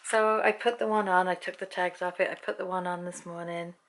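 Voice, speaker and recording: A British woman chats through a home vlog story, laughing easily and slipping into the voices of the people she quotes. Her voice sits low and carries a gravelly fry, with a faint hiss of noise underneath. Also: steady tone, brisk, a bit bright. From Britain. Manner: chatty, laughs often, acts out quoted speech. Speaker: vlogger. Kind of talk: casual storytelling to camera.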